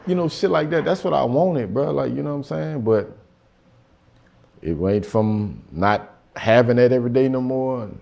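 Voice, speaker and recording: A man's voice: medium pitch, expressive, measured pace, gravelly, a little mellow. A man doing stand-up storytelling in loose, profane, conversational slang. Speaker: stand-up comedian. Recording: live show with audience laughter.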